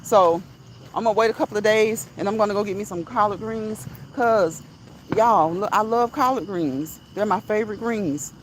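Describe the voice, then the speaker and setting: A woman's voice: mid-range voice, moderate pace, a little hiss or hum, poor audio. A woman, chatting casually on a livestream, reading viewer comments, laughing often and repeating phrases for emphasis. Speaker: host. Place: outdoors while walking.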